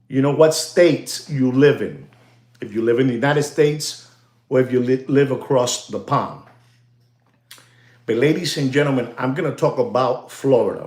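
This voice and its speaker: Excitable rambling man, roomy echo. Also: medium pitch. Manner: excitable, repetitive, addresses "ladies and gentlemen". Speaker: host of a watch market show. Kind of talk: rambling market commentary monologue.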